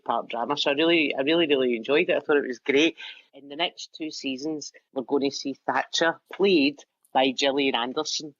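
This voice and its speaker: A woman's voice: low-pitched, dull audio, a little hiss or hum. A woman comedian panellist chatting enthusiastically and repeating herself as she gushes. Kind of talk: comic chat.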